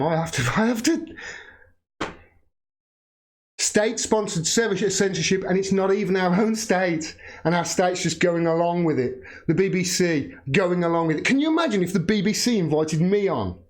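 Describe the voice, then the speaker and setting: High-voiced British man ranting angrily. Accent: British English. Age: 40s. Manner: angry, swearing, ranting, with sudden laughs. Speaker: political YouTube host. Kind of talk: livestream political rant.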